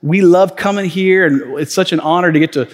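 A man's voice: sits high, a little fast. A man preaching a sermon as pastor, telling stories casually with lots of fillers. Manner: conversational storytelling with many fillers. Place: church auditorium. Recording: reverberant church hall.

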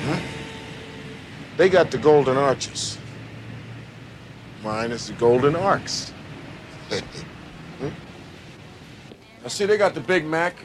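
An actor in a film clip plays a proud middle-aged man who runs a knockoff burger restaurant, speaking slowly and checking in with "hmm?". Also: mid-range voice. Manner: slow, self-satisfied, checking in with "hmm?". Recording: film clip with traffic noise behind.

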